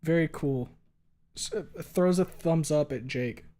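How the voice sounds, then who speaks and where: A male streamer wraps up his stream with casual, joking chatter, swearing freely and reading viewers' messages aloud. His voice is a touch high and a little slow, with a warm tone.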